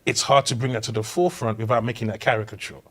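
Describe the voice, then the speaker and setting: Man, comedian guest, relaxed storytelling, podcast chat, middle pitch. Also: fast talker. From Britain, Nigerian family. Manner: storytelling, acts out voices.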